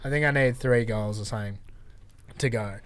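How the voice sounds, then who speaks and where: A man's voice: medium pitch, a little fast. An Australian man, a podcast guest, telling stories in casual chat with frequent laughs. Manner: animated storyteller, laughs often.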